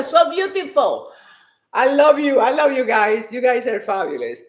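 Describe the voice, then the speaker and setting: A woman's voice: sits high, sing-song, moderate pace, roomy sound. A woman giving a hyper, emphatic motivational talk to her live-stream viewers, repeating her points with force.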